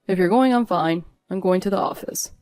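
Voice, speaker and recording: A woman's voice: lowish voice, expressive, fairly quick, dark tone, no echo. A woman voicing a cold, dismissive husband who answers in a curt, annoyed way. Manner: curt, annoyed, brushes off pleas. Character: cold dismissive husband, middle-aged man.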